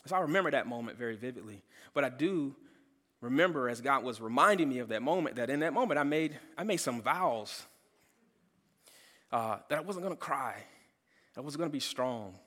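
A man's voice: medium pitch, expressive, fairly quick, fairly bright tone. A man preaching a sermon, telling a personal story earnestly and often restarting his sentences. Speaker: pastor. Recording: long hall reverb.

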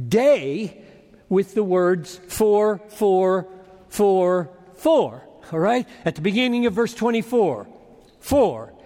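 Male pastor, high and animated voice, emphatic argumentative preaching. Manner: argumentative, emphatic, swings from loud urging to hushed. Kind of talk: expository sermon. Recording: long reverb of a large hall.

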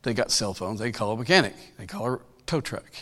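Okla pastor guy telling a church story, homey and laughing a lot, bright voice. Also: fairly low pitch, lively intonation, brisk. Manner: folksy, chuckling, colloquial. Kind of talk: sermon storytelling.

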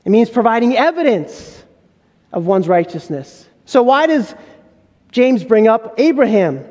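High-voiced male pastor preaching emphatically. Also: very animated, measured pace, a little mellow, long reverb tail. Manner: emphatic, full of rhetorical questions. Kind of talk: sermon.

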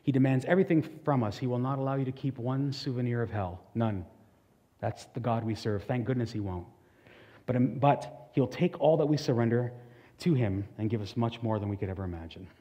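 Mellow-voiced man preaching in a reverberant hall. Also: medium pitch, a little fast. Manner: earnest, conversational preaching with frequent restarts. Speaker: pastor. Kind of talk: sermon.

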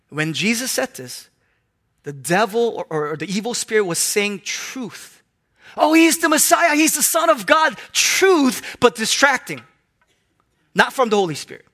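High-pitched guy preaching a sermon, gets loud then goes quiet. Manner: animated, swinging from hushed to loud.

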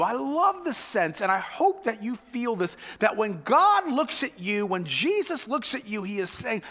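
A man pastor preaching a sermon, earnest, moving between loud emphasis and hushed whispers. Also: sits high, sing-song, normal speed, big-room sound.

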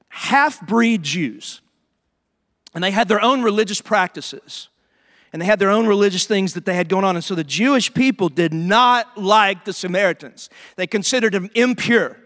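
A man preaching a sermon as pastor, telling stories in an animated way and acting out the people in them. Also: high-pitched, in a large hall. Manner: animated storytelling with voiced asides.

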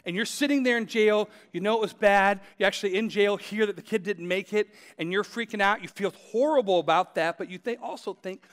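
A man with a fairly high voice preaches a sermon. He tells his points as a story, speaking straight to the people listening and repeating key phrases to drive them home. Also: brisk, few pauses, fairly bright tone. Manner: conversational storytelling, addressing listeners directly. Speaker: pastor.

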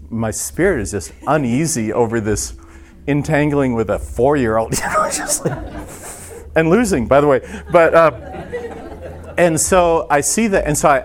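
A man teaching a church class in a casual, conversational sermon style, self-deprecating, with many fillers and restarts. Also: mid-range voice.

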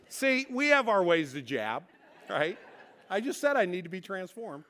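Pastor guy preaching, tells a story then prays soft, voice a little high. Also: moderate pace. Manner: storytelling, animated in anecdotes, soft in prayer. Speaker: lead pastor. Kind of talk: sermon with story and prayer.

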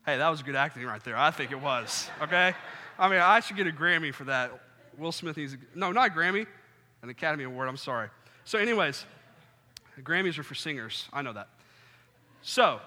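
A young man preaching a sermon, telling funny stories and acting out scenes with sudden loud outbursts. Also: fairly high pitch. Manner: animated, jokey, acts out scenes with sudden loud bursts. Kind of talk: sermon with storytelling. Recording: long hall reverb.

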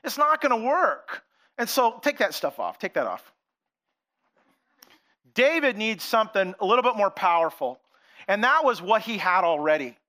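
Playful high-voiced man preaching to kids. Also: moderate pace, pauses often. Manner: animated, playful, addresses kids directly. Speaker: children's pastor. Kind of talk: sermon for children.

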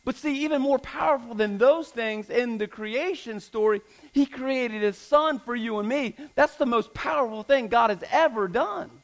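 High-pitched guy preaching a sermon, earnest, keeps repeating lines for emphasis. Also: moderate pace, few pauses, low-quality recording. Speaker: pastor.

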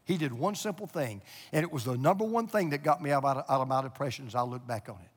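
A man's voice: medium pitch, fast, in a large hall. A man preaching a sermon as pastor, talking earnestly and personally, building to impassioned exhortation.

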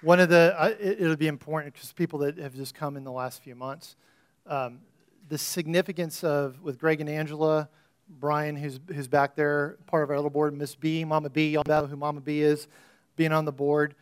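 Pastor, mid-high voice, conversational sermon and fervent prayer. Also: male voice, fairly even intonation, normal speed, clean tone. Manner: conversational, storytelling preacher, rising into fervent prayer. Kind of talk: church sermon and offering prayer. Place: church sanctuary before a congregation.

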